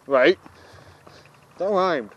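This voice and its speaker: A high-pitched teenage boy vlogging on a walk outside. He jokes around and talks straight to his viewers in a loose, chatty way. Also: extremely slow, highs cut off, slight background noise. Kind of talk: casual walking vlog. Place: outdoors on a road.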